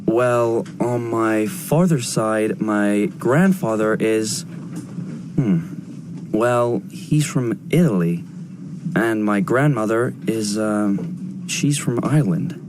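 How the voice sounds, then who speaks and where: An actor playing a defensive, prejudiced young male student who answers grudgingly in a textbook dialogue. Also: on the low side. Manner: grudging, slow. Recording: textbook audio with background noise.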